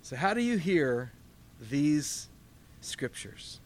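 A man's voice: on the high side, big pitch swings, slow. A man leading a Bible study in a conversational teaching style. He asks the group questions and acts out his own inner dialogue.

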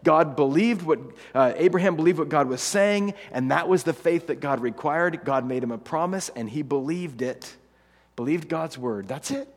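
A man preaching a sermon, telling the story in an animated, humorous way and acting out the characters' lines. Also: fairly high pitch, moderate pace, in a large hall.

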